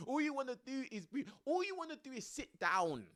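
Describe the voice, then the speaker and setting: A man's voice: extremely high pitch, sing-song, normal speed, fairly bright tone. A young man chatting casually on a live stream from his home, laughing often and using lots of slang. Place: home room under a studio light.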